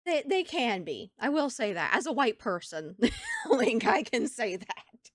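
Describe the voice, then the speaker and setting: Chatty streamer woman with a lively voice. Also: a little high, measured pace, no room sound, studio quality. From United States. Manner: chatty and animated, laughs often between thoughts. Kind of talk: casual stream chat.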